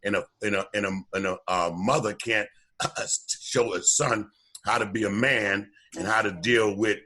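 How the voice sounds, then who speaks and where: Deep bright-toned man. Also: moderate pace. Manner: animated storyteller, repeats words when starting sentences. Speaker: documentary co-producer and former youth coach. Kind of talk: casual radio interview.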